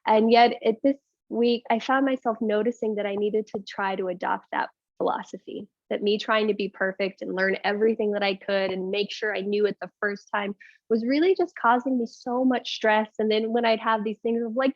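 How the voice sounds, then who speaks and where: A woman leading a live yoga class, mixing candid, rambling asides with calm, breath-led cues for poses. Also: mid-range voice, moderate pace, dry recording. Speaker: yoga teacher. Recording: dull lo-fi sound, dry.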